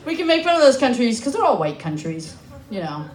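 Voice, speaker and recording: A woman's voice: fairly high pitch, big pitch swings, echoey room. Brash, profane American stand-up woman. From Alaska, USA. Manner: brash, profane, sarcastic, quick asides to the crowd. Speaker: stand-up comedian. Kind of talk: stand-up comedy set. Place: comedy club stage.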